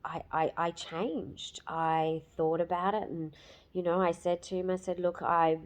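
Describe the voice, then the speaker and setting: Woman, fifties, personal testimonial, candid and emotional, unhurried delivery. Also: on the low side, steady tone. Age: 50s. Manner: candid and emotional, with fillers and pauses. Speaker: program client giving a testimonial.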